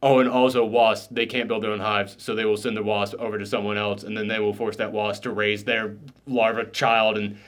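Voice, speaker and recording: A man doing a deep, calm lecturing teacher. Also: a little fast, natural voice. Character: deep-voiced male teacher, calmly lecturing.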